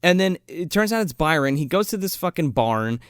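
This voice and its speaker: Smooth-voiced man recapping a bad movie. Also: on the high side, very animated, a little fast, no room sound, clean studio sound. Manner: rambling, swears a lot, acts out characters' lines. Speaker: podcast co-host. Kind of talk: casual profane movie recap.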